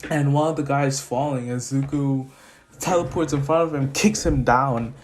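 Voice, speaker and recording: A man's voice: medium pitch, fairly even intonation, normal speed. A man casually retelling a fan story in a rambling way, full of fillers. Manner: rambling, loose with fillers like "so yeah".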